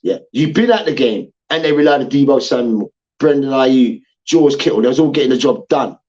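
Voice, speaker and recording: A man's voice: medium pitch, a little fast, darkish tone, muffled recording. A man hosting a heated sports debate show, ranting and swearing, repeating his points and mocking people with chants.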